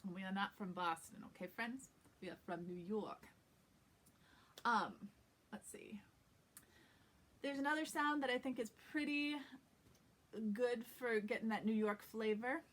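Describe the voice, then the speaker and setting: A woman's voice: fairly high pitch, normal speed, long pauses, a bit bright. A woman from the American Midwest giving a casual spoken lesson as an accent coach for a theater cast, upbeat and chatty, demonstrating sounds as she goes.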